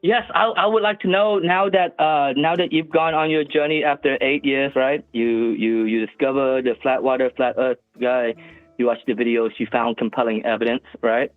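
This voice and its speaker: A man calling in to a show, talking with halting, stammering restarts over a phone line. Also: mid-range voice, steady tone, no room sound, soft background music. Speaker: caller. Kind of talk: phone-in chat.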